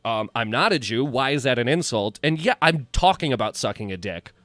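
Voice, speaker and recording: A man who does stand-up, telling blunt, profane stories in casual podcast talk. His voice sits in a middle pitch and sounds close and dry. He throws in loud, animated bits of quoted speech. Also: fairly quick, no echo. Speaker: stand-up comedian. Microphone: close desk mic.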